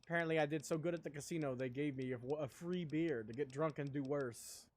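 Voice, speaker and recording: A man's voice: on the high side, fairly quick. A man streaming a video game, chatting casually as he plays, rambling and laughing often. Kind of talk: casual gameplay chat.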